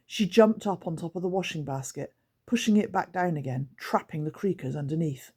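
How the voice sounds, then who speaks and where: Husky low-voiced woman reading a storybook. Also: brisk, warm tone. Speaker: audiobook narrator. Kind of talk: reading a children's book aloud.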